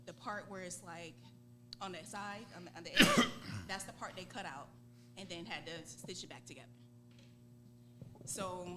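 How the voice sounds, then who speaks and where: A woman in her forties with a Southern US accent, a guest on a talk show, telling a lively story and acting out voices. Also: on the low side. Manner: laughing, acts out voices in quotes. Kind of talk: animated storytelling. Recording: steady background hum.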